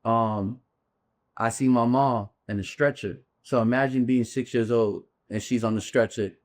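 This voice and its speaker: On a podcast, a bare-knuckle fighter shares a painful memory in a medium-pitched voice with fairly even intonation at normal speed. He tells it earnestly and urgently, frequently pausing to ask "you feel me."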